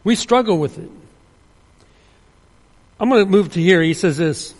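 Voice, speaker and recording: A man's voice: high-pitched, animated, measured pace. A man preaching a sermon, earnest and emphatic, often restarting his sentences. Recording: long hall reverb.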